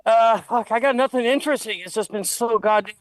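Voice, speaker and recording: A man's voice: extremely high pitch, brisk, dry recording. A man telling a heated, profane story in a casual livestream chat. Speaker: guest.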